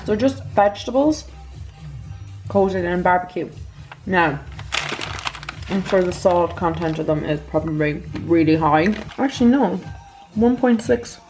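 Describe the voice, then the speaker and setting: A woman's voice: mid-range voice, a little mellow. A woman chatting casually in a vlog from a spare room at home, rambling and dropping into whispered asides. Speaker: beauty vlogger.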